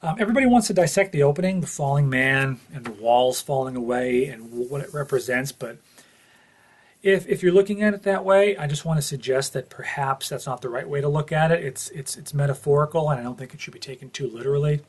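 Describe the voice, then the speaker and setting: A man's voice: fairly high pitch, fast, slightly rough. A man giving an earnest, opinionated spoken review of a TV episode, thinking aloud as he goes.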